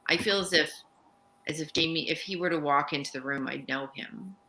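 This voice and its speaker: A woman's voice: sits low, brisk, sharp tone, slight background noise, poor audio. A middle-aged woman author on a video call, talking thoughtfully and searching for her words. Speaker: author guest. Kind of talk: casual interview chat.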